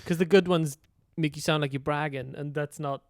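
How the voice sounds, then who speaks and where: A man co-hosting a podcast, telling rambling anecdotes casually and often dropping to a softer voice. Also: fairly high pitch, fairly even intonation, moderate pace, no echo, clean studio sound. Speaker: podcast co-host, musician.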